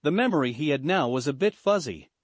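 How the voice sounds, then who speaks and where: Male storyteller, steady delivery, dry booth sound. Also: a little high, a little fast, dry recording. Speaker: fan fiction narrator. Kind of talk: scripted narration.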